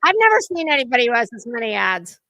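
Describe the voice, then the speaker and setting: A woman's voice: fairly high pitch, big pitch swings, quick pace, pushed and bright, no echo. Mocking woman streamer, dry sound. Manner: mocking, profane, talks to chat. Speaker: commentary livestream host. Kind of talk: sarcastic reaction commentary.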